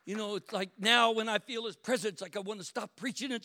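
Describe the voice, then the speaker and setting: A pastor preaching a sermon, shifting from quiet, reflective talk to loud, shouted exhortation. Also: male voice, high-pitched, steady tone, a little fast, hardly any pauses.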